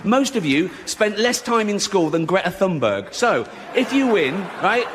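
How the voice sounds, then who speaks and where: A man's voice: sits high, big pitch swings, unhurried. A middle-aged English man doing stand-up, sardonic and mock-boastful, acting out the people in his story. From England. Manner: sardonic, mock-boastful, acts out quoted voices. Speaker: stand-up comedian. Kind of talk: stand-up routine. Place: comedy stage before a laughing audience. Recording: live stage recording with audience noise. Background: audience laughter.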